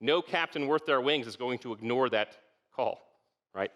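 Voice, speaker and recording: Forceful middle-aged man giving a talk. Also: mid-range voice, moderate pace, highs cut off. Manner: conversational, checks in with the audience by asking "okay?" and "right?". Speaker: keynote speaker. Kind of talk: conference leadership talk.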